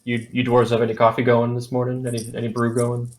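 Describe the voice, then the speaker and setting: A man's voice: mid-range voice, completely flat delivery, fast talker, a little hiss or hum. A man playing in an online tabletop game, making wisecracks at the others. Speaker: player. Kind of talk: casual tabletop play.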